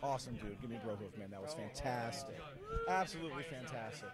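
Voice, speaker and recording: A man's voice: mid-range voice, expressive, quick pace, a loud crowd. A man hosting a live stream, interviewing guests with effusive, upbeat praise. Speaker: host.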